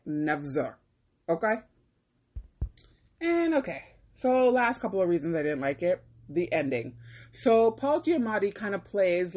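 A woman's voice: mid-range voice, darkish tone, breathy edge. A woman ranting casually about a film she disliked, exasperated and emphatic, firing off rhetorical questions. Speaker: film reviewer. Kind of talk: casual film review rant.

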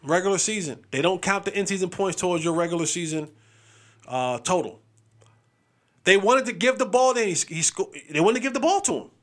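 A young adult man hosting a casual sports podcast, joking, animated and restarting his sentences often. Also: high-pitched, a little fast. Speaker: podcast host.

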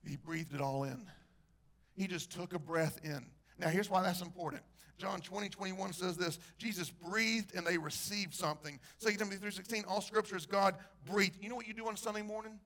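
Male pastor with a high voice, lively preaching that quizzes the congregation. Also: fairly quick. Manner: animated preacher, asks the congregation questions. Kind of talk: sermon.

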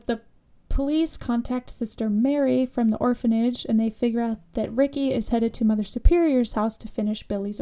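A woman's voice: on the high side, dark tone. A woman co-hosting a podcast, casually and sarcastically recapping a horror movie with lots of fillers. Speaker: podcast co-host.

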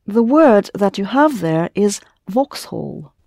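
A woman's voice: medium pitch, big pitch swings, slow pace, creaky, a little mellow, no echo. Female language teacher, patient and explanatory, medium voice, dry recording. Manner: patient, explanatory, prompting the student with questions. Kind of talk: one-on-one language lesson.

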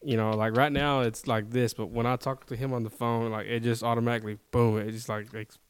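A man with a Texan accent explaining his point in a measured, casual chat. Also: mid-range voice, little pitch movement, smooth.

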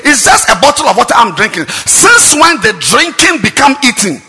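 A man preaching a sermon in a large cathedral, firing off repeated rhetorical questions and breaking into shouts. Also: very high voice, big pitch swings, normal speed. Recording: long cathedral reverb.

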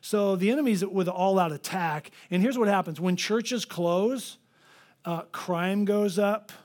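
A man preaching a sermon as pastor, telling a story and acting out the people in it with lively energy. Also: high voice, a little slow. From Florida. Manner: animated, acts out the people in his stories.

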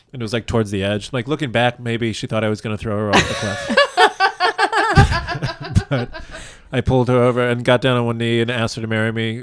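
A man's voice: medium pitch, a bit bright, slight background noise. A man telling a long personal story in a casual interview, rambling and self-deprecating, laughing often. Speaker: guest telling his proposal story. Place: lives in a large US city.

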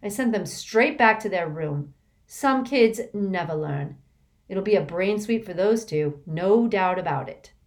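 A woman voicing a gruff, blunt teenage girl guard who talks in a brusque, dismissive way. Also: medium pitch, expressive, a little slow.

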